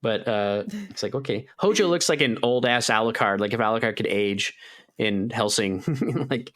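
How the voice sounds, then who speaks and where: A man's voice: on the low side, moderate pace, a bit bright. A man co-hosting a gaming podcast in casual chat, rambling with lots of "like" and acting out his own reactions in a raised voice. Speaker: podcast co-host.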